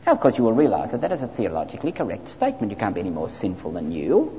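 A man from Australia, a clergyman, giving an animated, wry, anecdotal training talk to a group. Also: fairly low pitch, very fast, few pauses. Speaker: clergyman teaching evangelism training. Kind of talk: lecture-style talk to a group. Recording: dull lo-fi recording in a reverberant hall.

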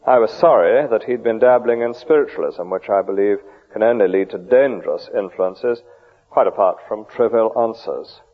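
A man's voice: on the low side, normal speed. A man preaching a sermon, rhetorical with vivid emphasis and dry humour. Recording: tinny, phone-like old radio broadcast.

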